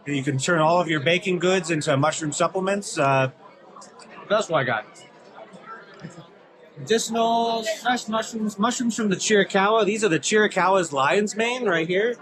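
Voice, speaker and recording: A man vendor chatting casually at an expo booth, relaxed with many fillers. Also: high voice, normal speed. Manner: relaxed, listing things with fillers. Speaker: mushroom farmer vendor. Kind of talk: casual interview. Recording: loud crowd behind.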